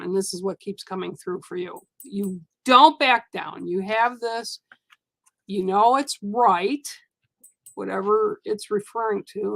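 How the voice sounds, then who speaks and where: A woman with a gravelly, creaky voice reads oracle cards live for her viewers. She speaks gently and reassuringly, wandering off on tangents now and then. The sound is close and dry. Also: medium pitch, takes it slowly, no echo. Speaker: spiritual card reader. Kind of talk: live oracle card reading.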